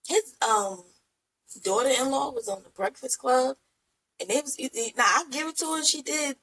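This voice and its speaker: A woman co-hosting a podcast in casual chat, chiming in often with quick agreement and questions. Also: sits high, fairly bright tone, slightly rough, low-quality recording. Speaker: podcast co-host.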